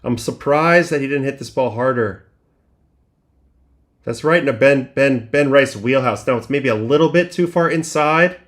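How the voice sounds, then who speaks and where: Middle-aged man, mid-pitched voice, casual thinking-aloud baseball film breakdown for a livestream. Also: normal speed. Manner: conversational, thinks aloud, many restarts and fillers.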